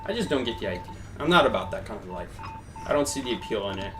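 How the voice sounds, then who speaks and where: A man's voice: mid-range voice, huge pitch swings, fast talker, over music. A young man giving chatty, casual commentary while live-streaming a game and thanking his viewers.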